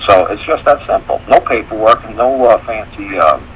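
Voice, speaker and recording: A man's voice: fairly low pitch, lively intonation, normal speed, a bit bright, a little hiss or hum, low-quality recording. A man hosting a radio talk show, telling stories in a rambling way and acting out the dialogue he quotes.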